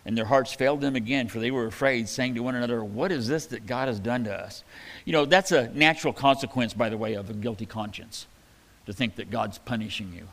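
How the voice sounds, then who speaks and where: A man preaching a sermon in a relaxed, conversational way, reading scripture aloud and adding casual asides. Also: mid-range voice, a little fast. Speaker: pastor. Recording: hall reverb.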